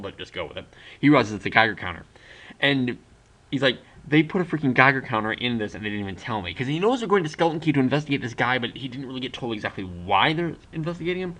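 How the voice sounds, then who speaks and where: A man's voice: mid-range voice, a bit bright. A young man casually retelling a book's plot for a review, rambling with lots of "like" and acting out the characters' lines. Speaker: book reviewer.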